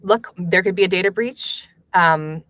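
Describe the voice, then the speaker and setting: Low-voiced woman author, dry sound. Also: a bit bright, no room sound. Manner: measured, laughs lightly, many fillers. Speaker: author and journalist guest. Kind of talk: conversational interview.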